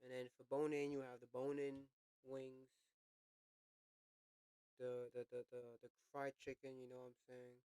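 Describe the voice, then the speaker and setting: A man's voice: medium pitch, completely flat delivery, normal speed, pauses often, warm tone, clear, resonant tone, no echo. A young man hosting a reaction video, talking casually, laughing a lot, swearing freely and repeating lines back.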